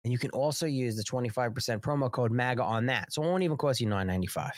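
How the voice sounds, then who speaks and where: A man's voice: mid-range voice, fast talker, no room sound, clean studio sound. A man hosting a live political talk show, ranting and sarcastic, breaking off his own sentences and stopping to plug his products. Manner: ranting, sarcastic, restless and self-interrupting. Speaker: host.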